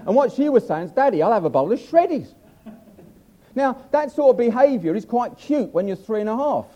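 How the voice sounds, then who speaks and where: A man's voice: very high-pitched, sing-song, a little fast, mellow, muffled recording. An older man preaching a humorous sermon, chatty and self-mocking as he tells stories.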